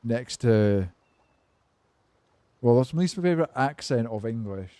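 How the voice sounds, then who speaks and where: A man with a warm, mellow voice talks to his stream viewers in loose, rambling chat, swearing easily and answering their messages. His tone is laid-back and cynical. The sound is dry and close, with no room around it. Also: mid-range voice, animated, unhurried, no room sound. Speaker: game streamer chatting with viewers. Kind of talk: casual live-stream chat.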